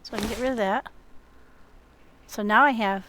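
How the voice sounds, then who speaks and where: A woman hosts a survival game video, chatting with another player in voice chat and talking to her viewers in a friendly way, with lots of fillers. Her voice is medium-pitched and sharp, with fairly even intonation and a moderate pace. There's slight background noise.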